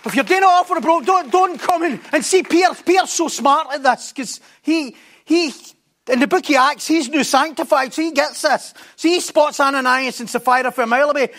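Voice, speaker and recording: A preacher with a fairly high voice delivers his sermon in a lively, conversational way. He breaks off for jokey asides and swings between hushed, quiet phrases and loud, excited stretches. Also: normal speed.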